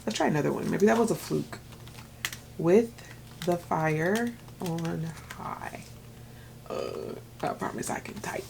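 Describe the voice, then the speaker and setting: A woman in her thirties vlogging about books at home in a chatty, excitable way, full of filler words. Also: lowish voice, gravelly, slight background noise. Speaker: book vlogger. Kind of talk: casual chat.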